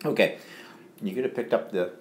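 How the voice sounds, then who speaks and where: A man's voice: fairly low pitch, brisk, slight background noise. A man co-hosting a live home stream, chatting casually and reading out viewer comments with lots of fillers. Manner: rambling, chatty, filler-heavy. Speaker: co-host of a live stream show. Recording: echoey room.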